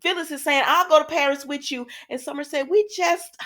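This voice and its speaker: Chatty, sassy woman with a fairly high voice, casual recap vlogger. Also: fairly even intonation, quick pace, pushed and bright. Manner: chatty, sassy, talks back to the characters. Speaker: soap opera recap vlogger. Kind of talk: casual chat.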